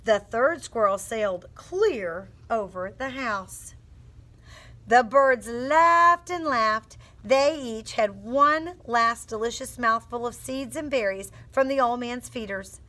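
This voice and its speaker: Slow, bright-voiced woman teacher. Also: on the high side. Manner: expressive storytelling with phonics coaching. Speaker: teacher reading aloud. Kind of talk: read-aloud lesson for young children.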